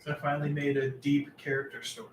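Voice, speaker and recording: A man's voice: a little high, little pitch movement, quick pace, distant mic, a little hiss or hum. A young man co-hosting a casual podcast and bantering playfully and jokingly. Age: young adult. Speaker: podcast co-host. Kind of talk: casual chat. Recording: echoey room with faint ambience.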